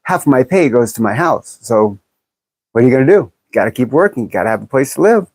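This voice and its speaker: A woman's voice: extremely low pitch, animated, a little fast, darkish tone, breathy edge, no echo. A woman in her fifties chatting bluntly and jokingly on a livestream, reading viewer comments aloud and laughing often. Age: 50s. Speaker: livestream host. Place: in California.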